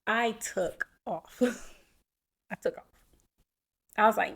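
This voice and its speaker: A woman in her thirties, a podcast co-host, telling a personal story in an animated, casual way and acting out what people said. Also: on the high side, slow pace, long pauses. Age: 30s. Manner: animated, acts out quotes, laughs while telling.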